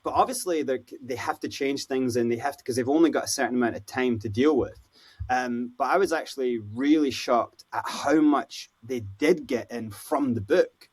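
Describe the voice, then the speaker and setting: Husky-voiced Scottish man telling stories. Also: medium pitch, moderate pace. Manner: animated, acts out quoted voices, lots of "you know, like". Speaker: guest. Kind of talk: casual storytelling interview.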